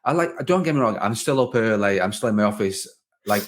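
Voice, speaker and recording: A man chatting on his coaching podcast in a fairly low voice. He rambles, restarting sentences and leaning on "like" as he works through his thoughts. The tone is easy, casual conversation with a guest. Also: animated, brisk. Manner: rambling, with many restarts and "like" fillers. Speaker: podcast host and business coach.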